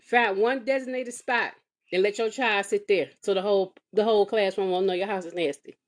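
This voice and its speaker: A woman vlogging as a mother, telling a comedic, exasperated story with sassy, animated delivery and big swings in pitch. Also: fairly quick. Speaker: mother of a kindergartner. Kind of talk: comedic storytelling vlog rant. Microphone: phone or webcam vlog.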